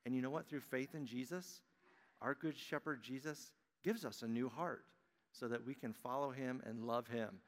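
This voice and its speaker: Animated man telling children a story. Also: mid-range voice, vocal fry. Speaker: pastor giving children's message. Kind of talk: children's sermon and storybook reading. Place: church sanctuary. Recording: long church-hall reverb.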